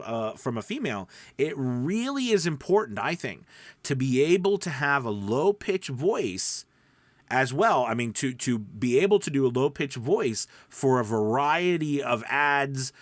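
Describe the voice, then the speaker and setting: A man hosting a show for new voiceover artists, teaching in an energetic, chatty way with frequent fillers. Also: medium pitch, dry recording. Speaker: voiceover coach. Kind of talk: upbeat teaching monologue.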